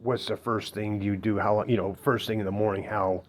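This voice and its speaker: A man's voice: lowish voice, level tone, moderate pace, a little hiss or hum. A middle-aged man talking bluntly about quitting smoking in a casual personal vlog, rambling with lots of fillers and the odd swear. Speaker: former smoker giving advice.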